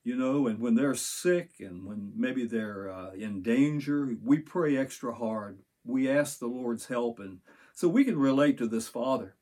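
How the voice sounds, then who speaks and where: Speaking to his congregation on a Sunday, an older pastor reads scripture aloud and stops to explain it. His voice is mellow, mid-range, husky, and slightly breathy, and his delivery is earnest.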